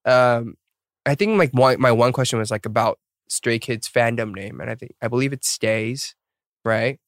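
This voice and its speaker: A man's voice: medium pitch, normal speed, no echo, studio quality. A man in his thirties hosting a podcast in casual chat, rambling with lots of fillers and laughing at himself. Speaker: podcast host.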